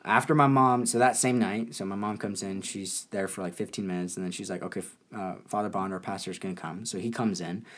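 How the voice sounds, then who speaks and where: A young man casually telling a story, animated and often laughing. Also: fairly low pitch, fairly quick, few pauses.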